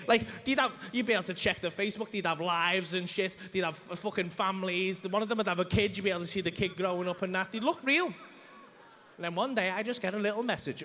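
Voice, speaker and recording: A comedian rattles through a story at speed on a club stage, his voice pitched high and full of swearing. He jumps in and out of the voices of the people in his tale. A faint room hum and long reverb from the venue trail behind him. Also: quick pace. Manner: animated, sweary, acts out quoted voices. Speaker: stand-up comedian. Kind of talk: stand-up storytelling.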